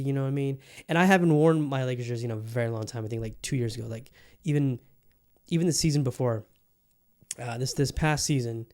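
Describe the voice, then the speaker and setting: Rambling male podcast host, middle pitch. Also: a little mellow. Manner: rambling, many fillers and restarts, casual swearing. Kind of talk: casual solo podcast chat.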